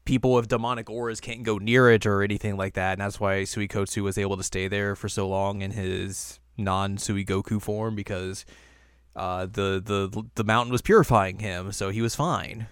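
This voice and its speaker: A man's voice: on the low side, fairly even intonation, moderate pace, clear, resonant tone, dry recording, clean studio sound. A man co-hosting a casual episode recap, retelling scenes animatedly and laughing often. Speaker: co-host.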